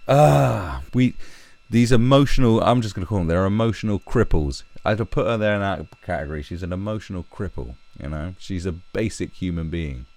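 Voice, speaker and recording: A man ranting profanely as a stream commentator, with animated, exasperated outbursts. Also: low-pitched, a little fast.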